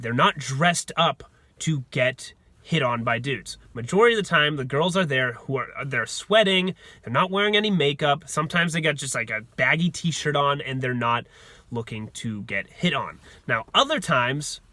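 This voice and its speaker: A man's voice: medium pitch, sharp tone. A man giving dating advice to the camera in a brash, swaggering, profane way, repeating lines for emphasis.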